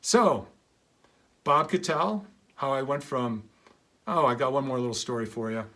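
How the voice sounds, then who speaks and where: A man's voice: a little slow, bright, forceful tone. A middle-aged man giving an earnest motivational talk, telling stories and acting out quoted lines of dialogue. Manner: earnest, shifts pitch to act out quoted dialogue. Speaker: speaker.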